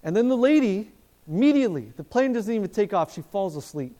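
A man preaching at a seminar, telling a story in a lively way, acting out the dialogue and asking his listeners questions, speaking in a hotel seminar room. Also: high-pitched, a little fast. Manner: animated, acts out dialogue, asks the audience questions.

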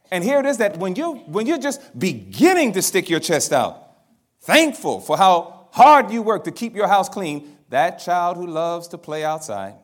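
Animated male preacher telling stories. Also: high voice. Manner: animated storytelling, acting out dialogue. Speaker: minister. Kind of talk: sermon.

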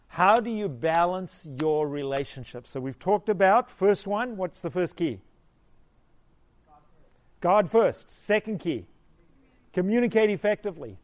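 A man's voice: fairly high pitch, a little mellow. A middle-aged male pastor giving a conversational sermon, telling stories animatedly and asking the listeners questions.

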